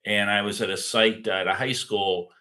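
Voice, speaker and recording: A man's voice: fairly low pitch, steady tone, moderate pace, sharp tone. A middle-aged man giving a casual recorded lecture as a course instructor, rambling with many fillers and restarts.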